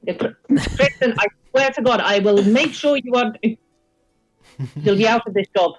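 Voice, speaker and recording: A woman's voice: a little high, moderate pace, soft background music. A woman playing a tabletop game, haggling hard in character in a blunt, insistent, exasperated way. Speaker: player.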